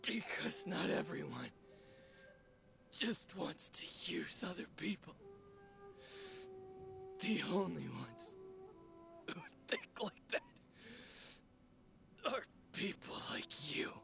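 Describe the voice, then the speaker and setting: A performer voicing a solemn figure in a video game, speaking slowly and gravely over faint game music. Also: medium pitch, sing-song, a bit bright, full character voice.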